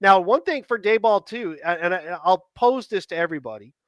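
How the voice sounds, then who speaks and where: A man's voice: high voice, animated, a little fast, fairly bright tone, dry recording. A man co-hosting a sports podcast in casual chat, rambling and asking long, winding questions. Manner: acts out quoted dialogue. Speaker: podcast co-host.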